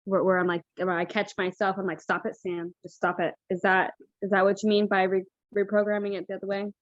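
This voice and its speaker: A woman on a coaching call who speaks hesitantly and laughs often, starting her sentences over. Her voice sits at a middle pitch. The call audio sounds dull and dry. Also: flat delivery, fast, dry recording. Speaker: coaching client.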